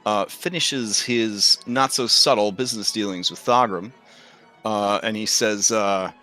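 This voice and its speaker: A man's voice: fairly low pitch, unhurried, pushed and bright, soft background music. A man narrating as game master of a tabletop game, chatty with many fillers.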